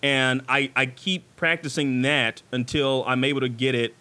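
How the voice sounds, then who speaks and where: A man hosting a casual live podcast from a studio, excitable and joking, often stumbling and restarting his sentences. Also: medium pitch, moderate pace, smooth. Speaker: podcast host. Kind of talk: casual live show chat.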